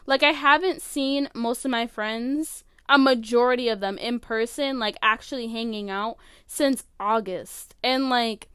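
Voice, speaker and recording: A teenage girl hosts her own podcast from her bedroom, her voice high, smooth and clear. She rambles with plenty of fillers and lets her feelings show. The sound is dry and close, with no room echo. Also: a little slow, hardly any pauses, a bit bright. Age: late teens. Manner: rambling, filler-heavy, emotional. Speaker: podcast host. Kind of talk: casual solo podcast chat.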